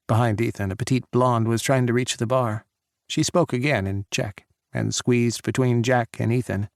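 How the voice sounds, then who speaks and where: A man narrating an audiobook in measured, dramatic storytelling. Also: mid-range voice, fairly even intonation, gravelly, dry recording, clean studio sound. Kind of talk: scripted narration.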